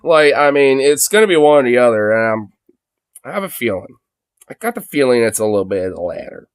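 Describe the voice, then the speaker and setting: Young male streamer host, casual swearing rambler, smooth dry tone. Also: mid-range voice, very animated, brisk, dry recording. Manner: rambling, laughs often, swears freely. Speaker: streamer host reacting to videos. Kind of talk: casual reaction chat.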